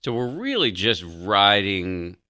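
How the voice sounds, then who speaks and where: Deep-voiced man podcast host. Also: sing-song, slow, pushed and bright, dry recording, studio quality. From United States. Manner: curious, asks probing follow-up questions. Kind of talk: podcast interview.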